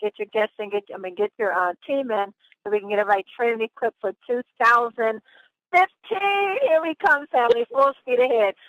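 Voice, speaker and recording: Brisk and fairly high in pitch, a woman's voice comes through a phone with no echo, on a dull, dry line. As host of the conference call, she warmly and cheerfully calls her listeners family.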